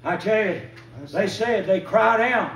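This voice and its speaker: Picked up from far off by a distant room mic in an echoey church sanctuary, an older visiting preacher gives a fervent revival sermon with emphatic bursts, and the congregation calls out responses. He speaks a little slowly, and his voice is high-pitched, creaky and fairly bright.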